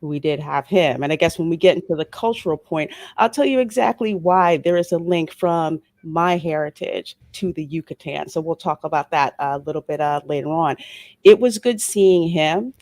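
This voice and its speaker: A woman's voice: sits low, moderate pace, a little mellow, no echo. A woman panelist with a Louisiana Creole accent in a heated discussion, speaking emphatically and sarcastically with building indignation.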